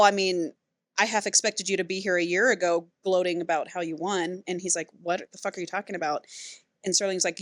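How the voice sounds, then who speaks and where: A woman's voice: lowish voice, dry recording. A woman co-hosting a podcast, casually retelling a romance novel's plot and acting out the characters' lines. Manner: animated storyteller who acts out characters' lines. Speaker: podcast co-host.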